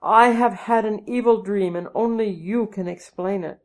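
A woman's voice: mid-range voice, moderate pace, a little mellow, voice pushed up, lightly acted. Earnest, worried young mother for a storybook, read by a woman narrator. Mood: pleading. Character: devoted, anxious young mother and wife. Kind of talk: storybook reading.

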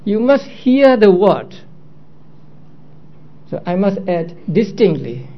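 Male teacher, higher-pitched voice, unhurried step-by-step lecture, dull lo-fi sound. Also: big pitch swings. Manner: methodical, poses rhetorical questions. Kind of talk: slow explanatory lecture. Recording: dull lo-fi recording.

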